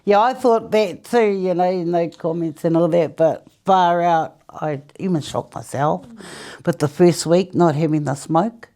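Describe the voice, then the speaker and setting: Speaking in a lowish, dark-toned voice at an unhurried pace, this former smoker from New Zealand recounts quitting in an interview. She's chatty, laughs a lot, and voices other people's lines as she tells it.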